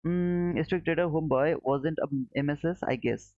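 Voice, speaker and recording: A man with a non-native English accent hosting a live trading stream, explaining slowly, repeating points and answering viewers by name. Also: a little high, no room sound, phone-quality sound. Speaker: livestream trading host.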